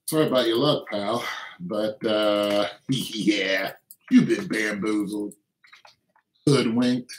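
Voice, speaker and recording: Slow-talking man in an echoey room. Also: fairly even intonation. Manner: joking, mocking, breaks into laughs and silly high voices. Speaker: livestream host. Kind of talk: casual rambling livestream chat.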